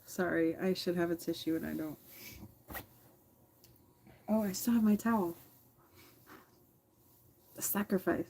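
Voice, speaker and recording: A woman's voice: fairly low pitch, a little slow, creaky, pauses often, a little mellow, a little hiss or hum. A woman in her thirties, teary and frank, speaking candidly to a live chat from her phone camera and swearing freely. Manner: frank, swears freely, talks back to commenters. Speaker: livestreamer reading chat.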